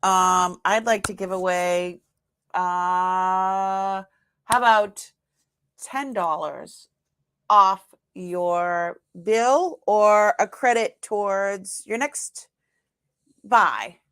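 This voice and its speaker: A woman's voice: medium pitch, drawn-out words, clear, resonant tone. A woman with a Boston accent hosting a live online sale, chatting casually and talking herself through on-screen steps. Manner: chatty, talks to herself while working the screen; excited squeals when announcing a winner. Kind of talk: live-stream chat.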